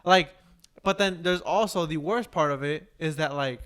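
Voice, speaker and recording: A man's voice: a little high, normal speed, a bit bright, clear, resonant tone. A young man on a podcast, ranting in an exasperated, slangy way with swearing. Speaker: podcast guest. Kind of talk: casual chat.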